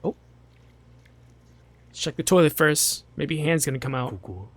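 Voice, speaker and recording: A man's voice: on the high side, lively intonation, moderate pace, no room sound. A man doing casual let's play commentary on a horror game, reading the text aloud in a jumpy, nervous, joking way.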